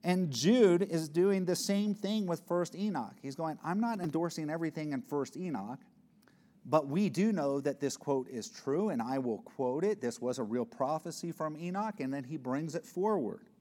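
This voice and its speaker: In a fairly high, mellow voice, a male pastor delivers a sermon at normal speed, animated throughout. He speaks earnestly and conversationally, restarting phrases often.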